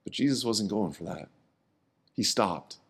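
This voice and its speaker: A middle-aged man preaching a sermon in a conversational way, often repeating words and dropping low and soft on key words. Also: expressive, unhurried, gravelly, husky. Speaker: pastor.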